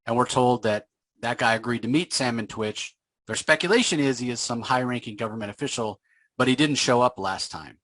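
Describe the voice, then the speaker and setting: A man hosting a casual comic book discussion, retelling scenes and acting out the characters' lines in quick voices. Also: mid-range voice, fairly bright tone, no echo. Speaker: podcast host.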